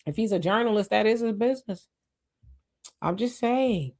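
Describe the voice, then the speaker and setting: A woman's voice: medium pitch, lively intonation, normal speed, darkish tone. A woman hosting a live stream, greeting commenters by name and reacting to chat in a casual, talkative way. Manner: chatty, greets commenters, frequent restarts and laughs. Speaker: livestream host reading chat.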